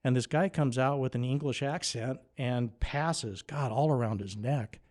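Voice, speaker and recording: A man telling a funny story in a casual chat, lively and animated, often climbing to excited near-shouts at the punchlines. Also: mid-range voice, measured pace. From Nevada. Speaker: radio host guest.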